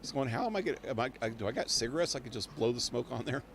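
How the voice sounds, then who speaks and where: A man's voice: medium pitch, lively intonation, very fast, a little hiss or hum. A man live-streaming a video game, rambling and thinking aloud with chuckles. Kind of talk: live gameplay commentary.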